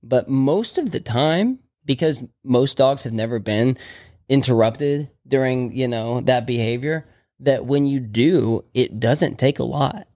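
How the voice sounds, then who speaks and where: A man's voice: mid-range voice, measured pace, darkish tone. A man chatting casually as a dog trainer on a podcast, loose and rambling with many restarts. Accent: Texan.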